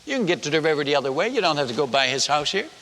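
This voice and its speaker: A man voicing a sharp-witted village man who reasons with an angry crowd, inside a retold story. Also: on the high side, big pitch swings, rapid-fire, voice pushed down. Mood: persuasive. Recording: long hall reverb.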